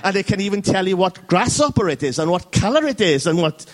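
Lively preacher man checking in often. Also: high-pitched, fast. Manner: lively, jokey, frequent "okay?" check-ins. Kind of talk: sermon. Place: church service.

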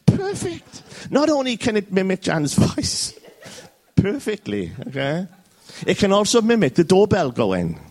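Lively preacher man checking in often. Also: sits high, a little slow. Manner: lively, jokey, frequent "okay?" check-ins. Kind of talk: sermon. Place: church service.

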